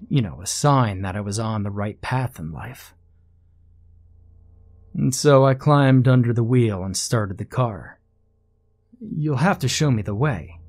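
A man reads a first-person horror story aloud in a measured storytelling style. His voice sits in a middle register, and he drops in casual conversational asides. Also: medium pitch, darkish tone. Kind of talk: scripted horror story narration.

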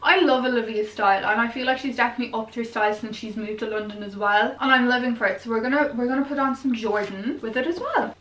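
A woman's voice: a little high, fairly even intonation, quick pace, few pauses, fairly bright tone, slight background noise. Girl vlogging, bubbly and chatty, swears a bit, echoey room. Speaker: fashion vlogger. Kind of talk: casual chat to camera. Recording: echoey room, mic at a distance.

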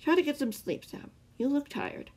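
A woman's voice: high voice, wildly swooping pitch, moderate pace, a little mellow, voice pushed up, heavily acted. A woman reading the lines of a kind young woman who speaks hopefully. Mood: caring. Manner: hopeful, friendly.

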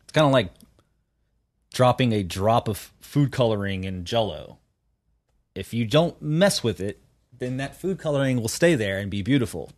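A man's voice: medium pitch, no room sound. A man guesting on a podcast, riffing casually and animatedly with opinions, full of restarts and asides.

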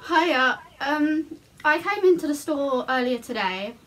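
A woman's voice: high-pitched, expressive, unhurried, fairly bright tone. A young woman with a playful manner, chatting with a friend and faking a lost-dog phone call. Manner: playful, laughs a lot. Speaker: friend and co-host. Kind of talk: casual chat and prank call.

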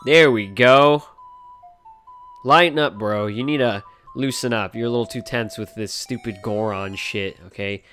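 A man's voice: medium pitch, unhurried, fairly bright tone, soft background music. A man giving casual, rambling and profane commentary on a video game from his home, joking as he plays. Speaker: gaming channel host. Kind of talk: casual let's play commentary.

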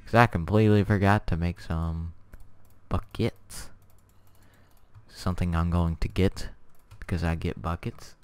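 A young man hosting a casual let's-play, chatty and excitable, with lots of fillers and little laughs to himself, keyboard clicks behind. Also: deep voice, a little slow, clean tone, no room sound. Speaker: gameplay channel host. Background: keyboard typing and clicking.

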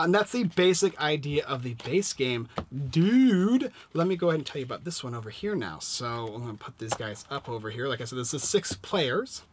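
A man casually reviewing a board game and walking through its rules, lively and playful as he demonstrates. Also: mid-range voice, slight background noise.

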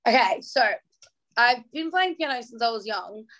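A woman's voice: fairly high pitch, expressive, normal speed, a bit bright, highs cut off. Bubbly young Australian woman singer. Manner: bubbly, many fillers, acts out quotes. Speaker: singer guest. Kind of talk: casual interview chat.

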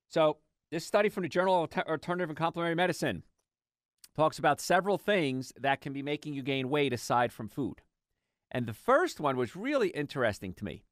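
A middle-aged man hosts a health talk show, his pitch rising and falling through lively stories. He speaks into a studio mic with a dry, close sound. The tone is animated and conversational. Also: dry recording. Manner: animated storytelling, acts out patients' lines. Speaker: health radio host.

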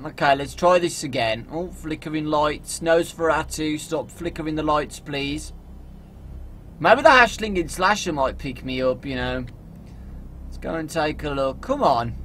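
A young man from England doing jokey, animated let's play commentary as a gaming video host, often yelling at the game. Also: on the high side, a little slow, a little hiss or hum.

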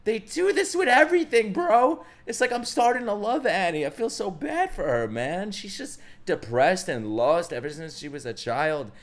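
Excitable swearing man reacting to anime. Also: sits high, moderate pace, few pauses. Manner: excitable, swears freely, cheers at fights. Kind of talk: casual reaction commentary.

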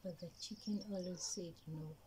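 A woman telling a story to young children in a gentle, slow, sing-song way, with lots of repetition. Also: fairly low pitch, steady tone, background noise. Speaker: kindergarten storyteller.

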